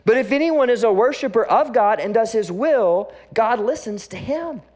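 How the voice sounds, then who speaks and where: A male pastor giving a lively sermon, acting out the voices of the people in the story as he reads and explains. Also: very high-pitched, moderate pace. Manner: animated, acts out the quoted voices of the story.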